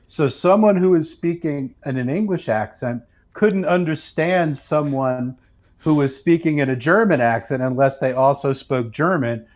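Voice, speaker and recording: A man's voice: mid-range voice, a little mellow. A man in casual live-stream chat, telling stories and explaining things at length with enthusiasm.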